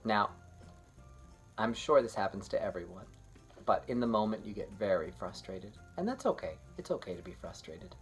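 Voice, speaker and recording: A man reading a children's picture book aloud, gentle and expressive, talking kindly to young listeners. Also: lowish voice, normal speed, faint music behind. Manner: gentle, warm-hearted and expressive, talks to kids. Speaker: children's story reader.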